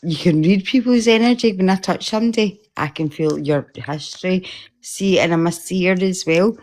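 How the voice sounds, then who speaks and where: Woman with a slightly low voice, rambling and emotional, a caller on a live stream. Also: moderate pace, a little mellow. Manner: emotional, rambling, laughs often. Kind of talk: casual chat.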